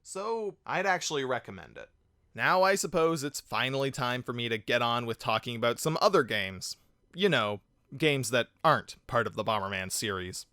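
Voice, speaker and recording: A man's voice: mid-range voice, expressive, normal speed, sharp tone, no echo, studio quality. A man narrating a comedic video game review in a sarcastic way, breaking into exaggerated outbursts of mock dismay.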